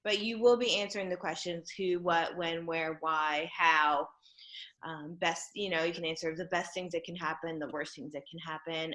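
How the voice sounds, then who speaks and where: A woman teaching a junior high class over a video call, upbeat and encouraging, playfully coaxing her students. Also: fairly even intonation, moderate pace, bright, forceful tone.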